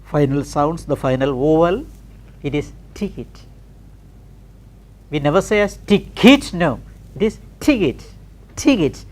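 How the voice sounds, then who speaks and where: A woman's voice: deep voice, lively intonation, moderate pace, a little mellow. A middle-aged woman teaching pronunciation, spelling words out letter by letter and repeating them carefully. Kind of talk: slow recorded classroom lesson.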